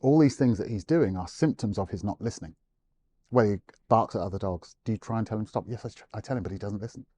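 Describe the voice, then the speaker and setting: Quick-talking man explaining dog behaviour. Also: lowish voice, slight background noise. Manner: animated storyteller, acts out quotes. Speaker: guest animal behaviourist. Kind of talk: explanatory interview talk.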